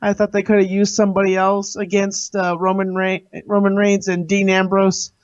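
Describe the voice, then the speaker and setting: A man's voice: high-pitched, monotone, moderate pace, no echo. A man on a dull, dry call line brags and giggles. He rambles loosely as a podcast guest. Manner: boastful, giggly. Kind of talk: casual live podcast banter.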